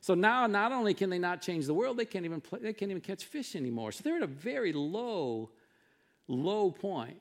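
Middle-aged male pastor, conversational storyteller, slightly higher pitch, gravelly texture. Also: moderate pace. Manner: animated storytelling, acting out quotes with rising pitch and volume. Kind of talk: sermon.

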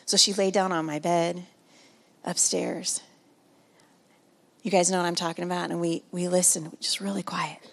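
A middle-aged woman giving a sermon at a women's retreat, telling a personal story. She moves between hushed and loud, repeats phrases for emphasis and jokes with the audience. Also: fairly low pitch, little pitch movement, moderate pace, creaky, pauses often. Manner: emotional, builds from hushed to loud and back. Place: large room at a women's retreat.

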